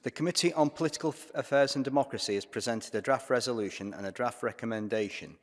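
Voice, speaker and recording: A man's voice: medium pitch, fast talker. A man chairing a parliamentary assembly session in a formal, procedural manner. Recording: long reverb of a large assembly chamber.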